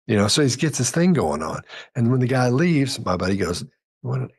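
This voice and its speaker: A man's voice: mid-range voice, very animated, normal speed, husky. A man speaking as a podcast guest, telling a long story in a rambling, self-correcting way and acting out the quoted dialogue. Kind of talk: casual storytelling chat.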